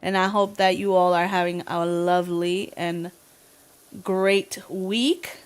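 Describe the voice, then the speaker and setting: A woman livestreamer chatting casually with her viewers, talkative, slangy and quick to laugh. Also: lowish voice, fairly even intonation, clear, resonant tone.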